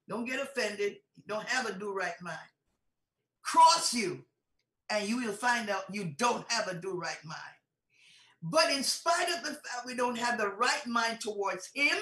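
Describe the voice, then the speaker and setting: A woman bishop teaching a sermon in an animated preaching style, full of rhetorical questions and repetition. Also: on the high side. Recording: roomy echoey hall sound.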